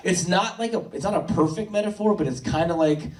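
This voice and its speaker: A man's voice: high voice, brisk, darkish tone, reverberant, recorded from a distance. A man doing a stand-up comedy set, rambling and dry, with lots of stammered restarts. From Worcester, USA. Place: comedy club stage.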